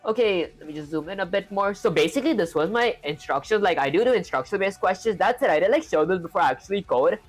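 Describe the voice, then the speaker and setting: A man's voice: high-pitched, lively intonation, quick pace, hardly any pauses, soft background music. A young man with an Indian accent live-streaming his coding, thinking aloud through each step and chatting with viewers.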